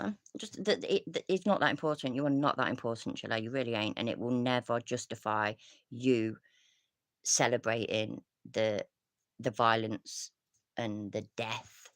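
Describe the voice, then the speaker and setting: A woman's voice: very deep voice, unhurried, no room sound. Woman streamer, rambling rant, dry close sound, restarts and sighs, plenty of swearing. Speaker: commentary streamer. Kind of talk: casual ranting commentary.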